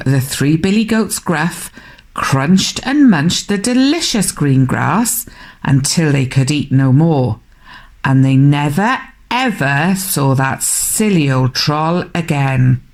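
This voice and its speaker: A British woman teacher reading a storybook aloud for children, with gentle, chatty asides to young listeners. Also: sits low.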